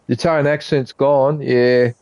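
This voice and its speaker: A man's voice: mid-range voice, steady tone, normal speed, a little mellow, dry recording, dull audio. A man with an Australian accent chatting casually to his live-stream viewers while he plays a game. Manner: rambling, chatty, talks to viewers between game remarks.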